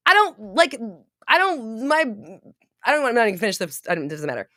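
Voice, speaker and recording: A woman's voice: fairly high pitch, very animated, brisk, bright, forceful tone, no echo, studio quality. A woman hosting a manifesting podcast, talking in a blunt, emphatic and profane way in casual motivational chat. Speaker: podcast host.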